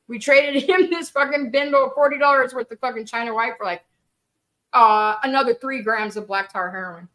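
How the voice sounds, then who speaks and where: A woman's voice: fairly high pitch, moderate pace, sharp tone. A woman telling candid, profane stories in casual chat, laughing and swearing freely. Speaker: guest storyteller.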